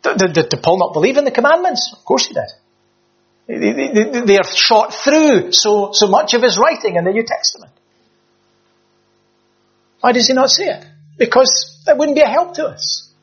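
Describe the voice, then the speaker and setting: A man's voice: very high-pitched, lively intonation, moderate pace, pauses often. A man preaching a sermon in an earnest, emphatic way, often restarting his words. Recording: slightly dull lo-fi sound.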